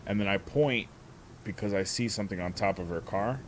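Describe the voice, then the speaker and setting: A man casually telling a story, animated and profane, often breaking into laughter. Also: on the low side, fairly quick, a little hiss or hum. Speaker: streamer.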